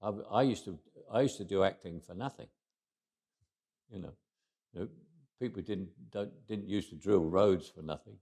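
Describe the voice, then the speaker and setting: An older English man reminisces in a relaxed interview, full of dry humor. He restarts his sentences often and speaks in a fairly low voice. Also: normal speed, vocal fry, long pauses. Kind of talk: reflective interview talk.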